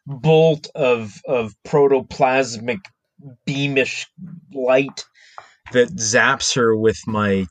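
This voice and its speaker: A man playing a tabletop game, talking slowly and haltingly, tripping over his words. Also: medium pitch, dry recording. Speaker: player. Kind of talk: casual tabletop play.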